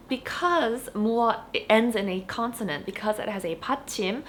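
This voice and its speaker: A woman giving a casual online Korean lesson, chatting in English and saying each Korean example slowly and clearly, then repeating it. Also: mid-range voice, a bit bright, a little hiss or hum. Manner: chatty, explains with "like" and "you know". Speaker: Korean language teacher.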